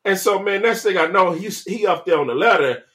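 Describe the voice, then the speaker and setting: A man's voice: high voice, expressive, fairly quick, sharp tone. A man co-hosting a casual chat, telling a childhood story in an easygoing, drawling way with frequent restarts. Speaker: podcast co-host.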